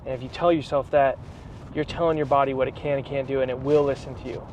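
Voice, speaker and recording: A man vlogging in a casual, animated storytelling way, full of slang like bro and dude. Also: mid-range voice, quick pace, lo-fi sound, background noise. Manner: excited, animated retelling. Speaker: vlogger, athlete.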